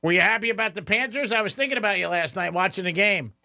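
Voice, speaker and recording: A man's voice: sits high, fast talker, no echo, studio quality. A man hosting a radio talk show, joking and laughing often in casual banter. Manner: jokey, laughs often, lively.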